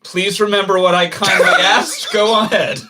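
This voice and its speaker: A man's voice: high voice, level tone, normal speed, pushed and bright, a little hiss or hum. A man co-hosting a live call-in stream, joking and sarcastic. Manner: sarcastic, jokey. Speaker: co-host.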